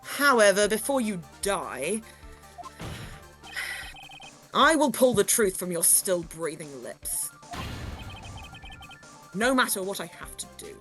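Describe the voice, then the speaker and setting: A cold, sharp male prosecutor from a game, voiced by a woman reading along. He speaks in a measured, cutting, deliberate way, and his pitch moves a lot. Faint music plays underneath. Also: big pitch swings. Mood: menacing.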